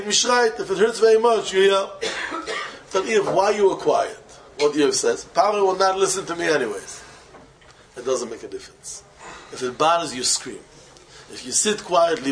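A man teaching a Talmud passage and telling a story in an animated way, slipping Hebrew and terms into his English. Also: fairly high pitch, slight background noise. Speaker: Torah teacher. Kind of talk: Talmudic discourse with a told story.

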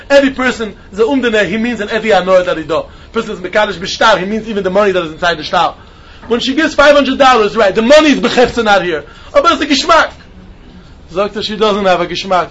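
Man, Talmud teacher, high voice, repeats himself, self-questioning, muffled lo-fi sound. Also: sharp tone, slightly rough. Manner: asks and answers his own questions, repeats points. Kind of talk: lecture on Talmudic texts. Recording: dull lo-fi recording.

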